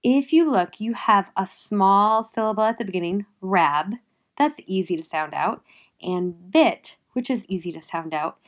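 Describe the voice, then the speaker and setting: A woman teaching young children to read, speaking slowly and patiently with a medium pitch. She sounds out words letter by letter and claps out syllables, coaxing the listener to follow along. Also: expressive. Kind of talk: phonics lesson for young children.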